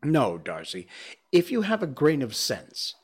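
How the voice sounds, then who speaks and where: A man's voice: fairly high pitch, wildly swooping pitch, measured pace, slightly rough, exaggerated voice. A man voicing a brave young male mongoose who speaks in urgent, clipped, impatient lines, read aloud as a storybook character.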